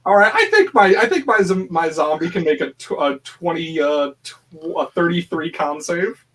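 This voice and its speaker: A man's voice: fairly high pitch, lively intonation, normal speed, a bit bright, far from the mic, low-quality recording. A man playing a tabletop game, reacting eagerly and stumbling over numbers as he works out damage. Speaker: player.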